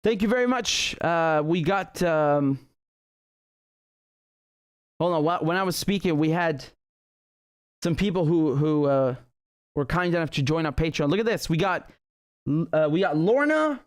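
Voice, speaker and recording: A man hosts a livestream political commentary show, talking in a fairly high voice. He rants heatedly and swears often, restarting his sentences as he goes. The sound is dry and close, with little room echo. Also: animated, measured pace, long pauses, clean tone. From Britain. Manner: heated, profane ranting with frequent restarts.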